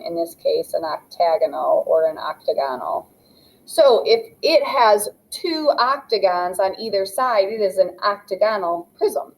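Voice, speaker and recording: A woman's voice: fairly low pitch, a little mellow, rough recording. Young adult female math teacher, patient, step-by-step classroom explainer. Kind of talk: classroom lesson narration.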